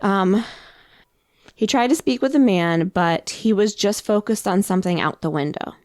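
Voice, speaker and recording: A podcast co-host with a medium-pitched voice retells a story at a normal speed in a relaxed way, packed with fillers. The recording is dry, with clean studio sound.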